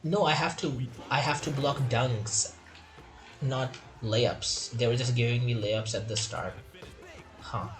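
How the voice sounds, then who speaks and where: A man's voice: mid-range voice, slow pace, over music. A man giving casual, chatty gameplay commentary while playing through a game tutorial and reading its tips aloud.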